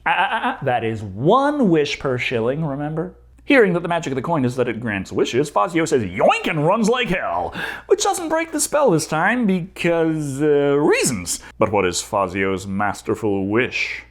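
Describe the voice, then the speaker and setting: A man's voice: fairly high pitch, sing-song, moderate pace. A man narrating a comedic movie review in a sarcastic, jokey manner.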